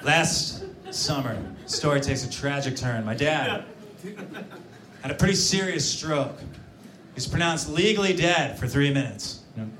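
A man's voice: on the high side, animated, measured pace. A man doing a stand-up set in a comedy club, self-deprecating, with mumbled asides. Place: comedy club before a live audience. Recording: echoey live club with crowd noise.

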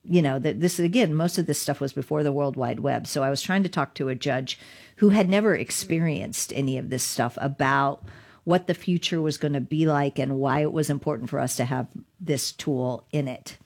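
A middle-aged woman, a digital rights lawyer, telling a story in an interview in a lively, laughing way. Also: rumbling low, moderate pace, vocal fry.

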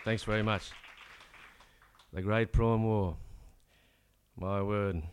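A man's voice: on the low side, fairly even intonation, slow, smooth, some chatter behind. An Australian man performing a comic rhyming ballad on stage, with dry, sardonic spoken asides between rollicking rhymed verses.

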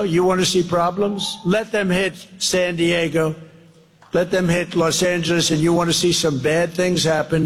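A man's voice: on the high side, slightly rough. An older man giving a rambling, emphatic, repetitive rally speech, played as a recorded clip. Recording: reverberant hall audio clip.

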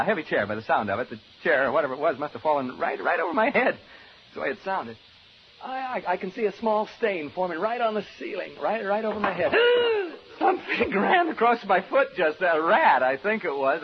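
A jumpy, rambling radio announcer. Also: male voice, on the high side, sing-song, fairly quick, a little hiss or hum. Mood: nervous. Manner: nervous, stammering, rambling and chatty. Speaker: radio announcer alone in a haunted house. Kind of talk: 1940s radio drama acting. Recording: dull old radio drama recording.

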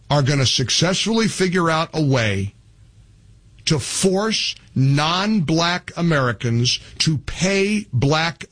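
Husky, emphatic talk radio host, dry sound. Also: male voice, a little high, a bit bright, dry recording. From Irish family heritage. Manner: emphatic, opinionated, laughs at callers. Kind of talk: talk radio commentary and host-read ads.

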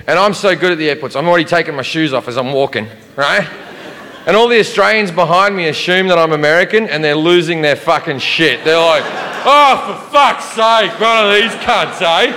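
A male stand-up comedian telling a profane travel story, fast and brash with stammered restarts. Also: on the high side, pushed and bright, slight background noise. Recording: live stand-up in a reverberant hall.

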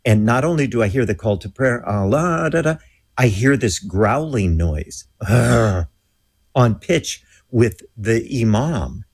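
A man with a husky, slightly low voice, speaking as a guest in an interview. He tells his story with energy and slips into the voices of the people he quotes. The telling is animated, with a lot of life in it. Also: takes it slowly.

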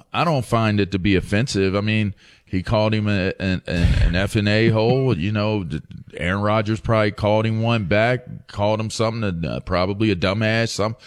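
A man co-hosting a sports radio show, giving his take and joking with his co-host in casual banter. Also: fairly low pitch. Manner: joking, repeats catchphrases.

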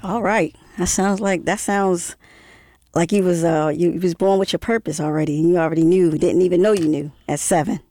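Gravelly Baltimore man hosting, dry sound. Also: high voice, steady tone, fairly quick, a little mellow, dry recording. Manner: casual, loose grammar, repeats himself, laughs easily. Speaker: interview host. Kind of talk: casual podcast interview.

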